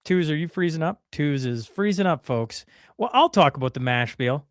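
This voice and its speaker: A man hosting a casual morning podcast, teasing his co-host with quick, lively asides. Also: a little high, no room sound, studio quality. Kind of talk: casual morning show chat.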